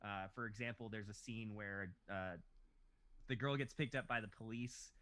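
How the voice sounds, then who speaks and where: A man co-hosting a podcast, chatting casually about a TV show and getting animated as he retells scenes. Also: on the low side, normal speed. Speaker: podcast co-host. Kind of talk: casual chat.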